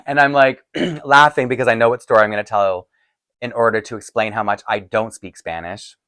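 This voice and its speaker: In a mid-range, sharp-toned voice that runs a little fast, a doll collecting channel host chats to camera in a casual Q&A at home. He rambles, laughs often, and sounds increasingly tired, on a dry recording from his filming set-up.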